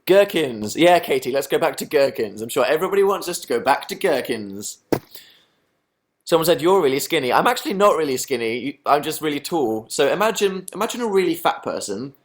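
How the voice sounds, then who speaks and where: A man's voice: a little high, big pitch swings, fairly quick. A young British man chatting casually on a livestream, rambling and self-deprecating as he answers questions from the chat. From England. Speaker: livestream host.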